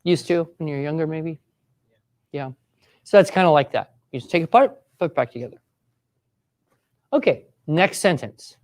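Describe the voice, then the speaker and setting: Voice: medium pitch, animated, normal speed, long pauses, a little mellow. A writing teacher leading a live classroom workshop, encouraging students and giving step-by-step directions. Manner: acts out sample voices for students.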